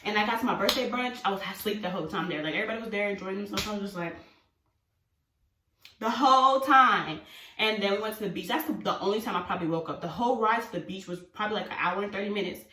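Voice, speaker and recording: A woman vlogger in a casual storytime, talking at a middling pitch. She is animated, swears freely and throws herself into acting out her own panic. Her voice sits back from the mic, with a roomy echo around it. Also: rapid-fire, hardly any pauses, recorded from a distance, a little hiss or hum. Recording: roomy sound from away from the mic.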